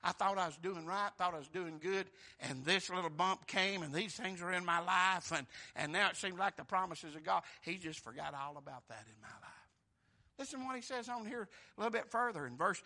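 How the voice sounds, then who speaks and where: A man preaching a sermon to a church congregation. He is folksy and asks the room questions, and he moves from quiet asides to loud, drawn-out scripture reading. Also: high-pitched.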